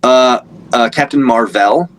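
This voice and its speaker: A man's voice: medium pitch, unhurried, fairly bright tone, low-quality recording. A man in his thirties, a voice actor guest, chatting casually in an interview, rambling with lots of fillers and restarts.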